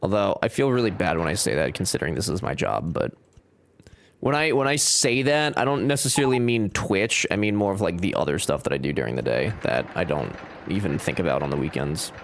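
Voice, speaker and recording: Animated, joking male game streamer. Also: low-pitched, brisk, gravelly. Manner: jokey, animated, reads chat aloud. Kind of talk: casual live-stream chat over gameplay.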